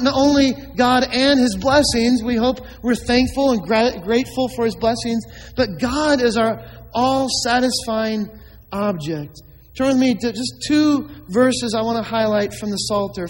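A man with a strikingly high voice preaches a sermon, leaning hard on key words and drawing them out for emphasis. His voice rings with the long reverb of a large hall. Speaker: pastor.

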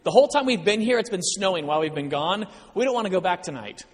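Guest preacher, male, high pitch, animated storyteller, reverberant church hall. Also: quick pace. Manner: animated storyteller, acts out dialogue. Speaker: guest speaker. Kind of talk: sermon with personal stories.

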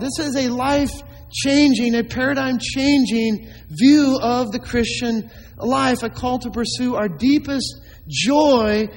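A man with a strikingly high voice preaches a sermon, leaning hard on key words and drawing them out for emphasis. His voice rings with the long reverb of a large hall. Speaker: pastor.

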